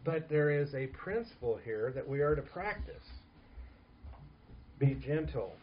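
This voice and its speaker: A man preaching a sermon in an earnest, emphatic way, dropping to soft asides. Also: medium pitch, animated, a little slow, highs cut off, slight background noise. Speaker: pastor.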